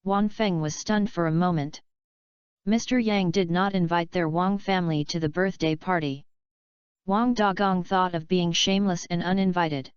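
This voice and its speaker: Very clear, low-voiced woman narrating. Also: steady tone, normal speed, dry recording, highs cut off. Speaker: audiobook narrator. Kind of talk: scripted narration.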